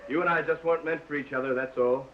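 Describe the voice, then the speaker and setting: A man's voice: medium pitch, fairly even intonation, fast, slight background noise, lightly acted. An actor in an early sound film playing a reckless young man, sardonic and half-drunk, mocking those around him. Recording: dull early talkie sound with music.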